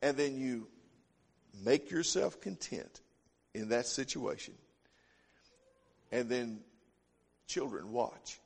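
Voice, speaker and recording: A man's voice: medium pitch, expressive, slow, gravelly, pauses often, husky. A man preaching a sermon, telling homespun stories in a folksy way. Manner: folksy storytelling, homespun phrasing. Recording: long hall reverb.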